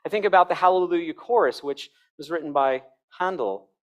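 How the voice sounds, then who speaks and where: A man's voice: on the high side, a little fast. Humorous middle-aged man lecturing. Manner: conversational, humorous lecturing with self-deprecating asides; demonstrates tones of voice and sings examples aloud. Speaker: conference speaker. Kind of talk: Christian worldview conference talk.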